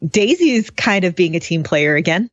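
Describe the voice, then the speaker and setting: On a fan podcast, this co-host discusses a TV episode casually, full of sarcasm and frequent laughter. Her lowish voice is sing-song at a moderate pace, with no echo in the dull, dry, lo-fi sound.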